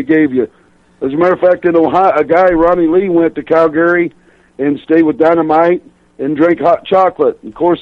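A man's voice: a little high, no room sound, highs cut off. A man in his sixties, a professional wrestler as a radio guest, telling chatty road stories and laughing through them. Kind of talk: radio interview storytelling.

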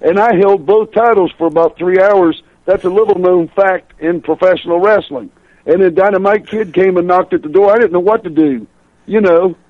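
A man's voice: high-pitched, normal speed, dry recording, phone-quality sound. A man in his sixties, a professional wrestler as a radio guest, telling chatty road stories and laughing through them. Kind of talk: radio interview storytelling.

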